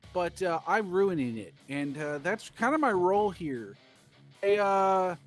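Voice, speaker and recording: A man co-hosting a game stream, telling a rambling, laughing story and acting out the quotes. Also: high voice. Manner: laughing, animated, acts out quotes.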